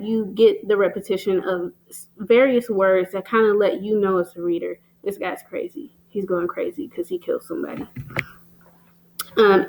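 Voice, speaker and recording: A woman's voice: mid-range voice, darkish tone, poor audio. A woman teaching a lesson on poetry terms, explaining them patiently with many "um"s and "so"s and reading short example lines aloud. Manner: plain, patient explaining with frequent "um" and "so".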